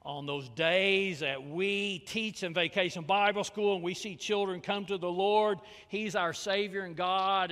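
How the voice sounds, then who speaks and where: A man preaching a sermon as pastor in a church, his delivery swinging from raised calls to hushed, near-whispered lines. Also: high-pitched. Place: church sanctuary. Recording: long reverb of a church hall.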